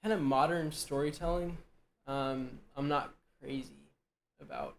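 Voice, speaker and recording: A man's voice: mid-range voice, wildly swooping pitch, measured pace, a little hiss or hum. A man speaking as a guest on a live stream, hesitant and self-deprecating, with frequent "um". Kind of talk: casual chat on a live stream.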